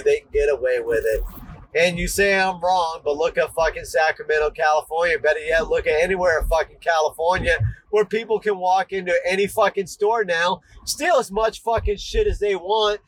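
A man hosting a podcast, delivering an angry, profane rant with shouted bursts. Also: high-pitched, slight background noise, rough recording. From Maine, United States. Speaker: podcast host.

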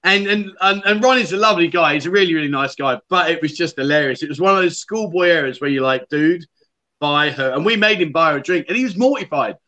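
A man's voice: a little high, expressive, fast talker, sharp tone, muffled recording. A man hosting a livestream chat show, telling stories and reading out viewer comments. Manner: chatty storyteller, reads out viewer comments. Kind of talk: casual chat.

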